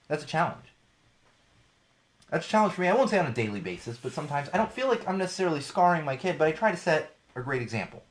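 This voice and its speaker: A young man hosting a solo podcast, talking candidly and rambling, with frequent restarts and fillers. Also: medium pitch. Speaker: podcast host. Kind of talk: casual solo podcast talk.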